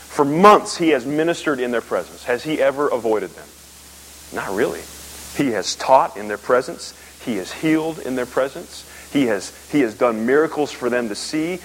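A man preaching a sermon, emphatic, asking rhetorical questions and swinging from loud peaks to low, quiet lines. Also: poor audio. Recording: faint hiss.

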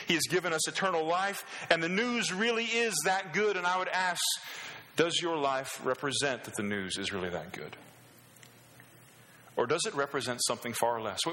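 A man's voice: a little high, pushed and bright. A middle-aged male pastor preaching a sermon, passionate, asking the congregation rhetorical questions and pushing his voice up on key phrases. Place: church hall. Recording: echoey church hall.

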